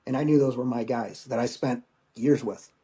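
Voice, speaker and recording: Man telling a halting war story. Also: mid-range voice, fairly even intonation, mellow. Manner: halting, emotional storytelling with profanity. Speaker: podcast guest, Marine veteran. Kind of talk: personal war story in conversation.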